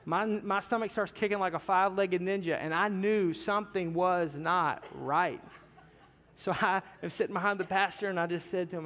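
A man's voice: sits high, normal speed, a bit bright, a little hiss or hum. A pastor telling a humorous story in a sermon, talking animatedly and directly with his congregation in a church sanctuary. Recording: long hall reverb from a large church.

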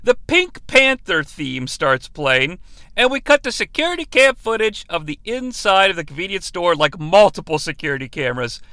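Lively, bright-voiced man riffing on movies. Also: high-pitched, dry recording. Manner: sarcastic and profane, acts out quotes from scenes. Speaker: podcast host reviewing movies. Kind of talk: casual comedic movie review.

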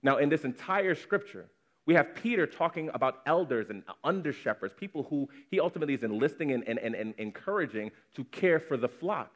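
A man's voice: fairly high pitch, expressive, a little fast. A man preaching a sermon to his congregation in a conversational way, repeating words for emphasis. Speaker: pastor. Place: church congregation.

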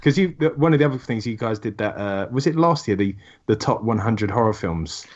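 A man's voice: fairly low pitch, lively intonation, a little fast, highs cut off. Chatty man, a podcast guest. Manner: chatty, swears and laughs easily. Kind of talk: casual podcast chat.

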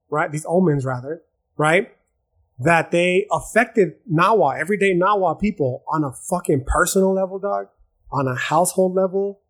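A man talks through his subject on his own podcast, loose and profane, calling the listener "dog" and circling back on his own words. His voice sits a bit high for a man and has a husky grain. It comes across as casual, unscripted storytelling. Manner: explains at length with many fillers and restarts. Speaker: podcast host. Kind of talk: casual solo podcast lecture.

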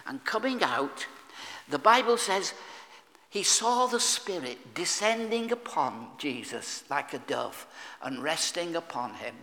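A male pastor preaching a sermon in a church, often clearing his throat between phrases. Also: a little high, sharp tone, long reverb tail.

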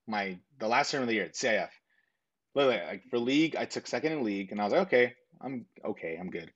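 Rambling young man with a dull, lo-fi sound. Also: on the low side. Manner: earnest, rambling with frequent fillers and self-quotes. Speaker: interviewee. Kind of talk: casual storytelling.

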